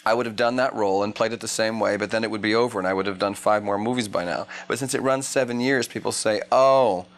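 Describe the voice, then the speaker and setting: Wry low-voiced man in his thirties. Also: fairly even intonation, quick pace. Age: 30s. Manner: wry, rambling, stumbles and restarts. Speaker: actor interviewed at a press junket. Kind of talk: casual interview answers.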